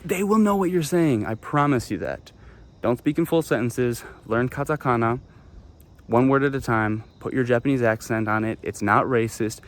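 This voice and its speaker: Young man, casual vlog advice, blunt and emphatic, curses a lot, mid-pitched voice. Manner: blunt, emphatic, swears freely, repeats promises. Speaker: travel vlogger giving advice. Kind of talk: casual direct-to-camera advice.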